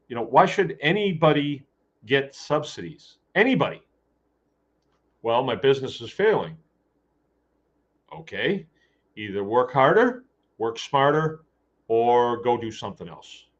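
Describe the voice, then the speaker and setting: A man hosting a casual talk show, speaking in a blunt, joking and rambling way. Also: medium pitch. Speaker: host. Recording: dull lo-fi recording.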